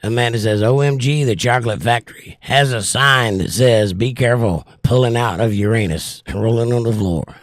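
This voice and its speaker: A man's voice: medium pitch, moderate pace, no echo, clean studio sound. A man hosting a casual livestream, reading viewer comments aloud and joking back, his voice strained and short of breath. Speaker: livestream host reading chat. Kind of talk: casual chat.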